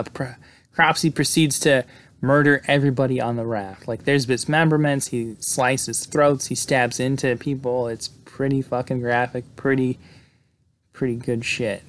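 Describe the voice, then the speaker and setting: Host type, male, mid-pitched, chatty and crude, lots of uhs and likes. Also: slight background noise. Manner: loose and profane, many fillers. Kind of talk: casual movie recap.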